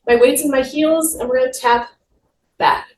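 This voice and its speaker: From a distant mic in a roomy space with faint noise comes a fitness instructor guiding a class, upbeat and encouraging as she moves along. Her voice sits high, with fairly even intonation and normal speed.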